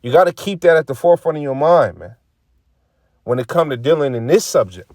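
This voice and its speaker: A man's voice: a little high, animated, brisk, darkish tone, no room sound, clean studio sound. A man giving casual, profane religious commentary, reading scripture lines and acting out quoted remarks. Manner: preachy, profane, repeats phrases, acts out quoted remarks.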